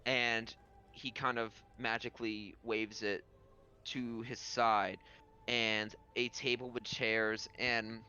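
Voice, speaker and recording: A man narrating as game master in a tabletop role-playing game, talking slowly with halting restarts. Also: medium pitch, little pitch movement, bright, forceful tone, smooth, dull audio.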